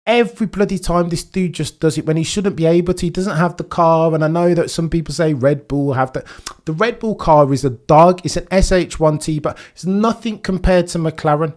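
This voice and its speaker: Young streamer, live reaction commentary, excitable, drops to low disbelief. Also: male voice, brisk. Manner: excitable, swings from shouting to low muttering disbelief. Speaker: livestream watchalong commentator.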